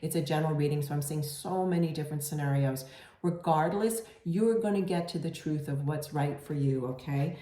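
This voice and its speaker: Looking straight into the camera, a woman gives a soft tarot reading in a low, mellow voice. She takes her time and reassures, often pausing with ums or starting over, in an echoing room.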